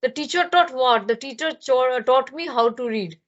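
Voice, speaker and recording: A woman's voice: high voice, normal speed, dull audio. A woman from Bengal, teaching an online grammar lesson and explaining with many fillers and restarts. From Bengal, India. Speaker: spoken English teacher. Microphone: laptop microphone.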